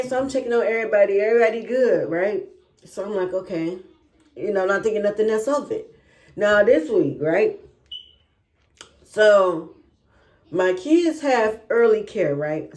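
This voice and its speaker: A woman's voice: mid-range voice, darkish tone. A young woman telling a personal story in a casual, chatty way, often checking in with "right?" and "y'all". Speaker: vlogger.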